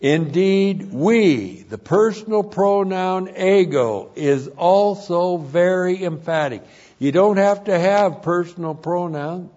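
A man's voice: sits high, animated, slow, mellow, muffled recording. A man teaching verse by verse through a Bible epistle, explaining the Greek grammar and stressing key words by repeating them.

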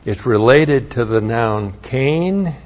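A man's voice: mid-range voice, lively intonation, slow pace, darkish tone, dull audio. A man teaching a sermon, studying Hebrew words, who repeats key phrases and spells out letters with emphasis. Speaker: Bible teacher.

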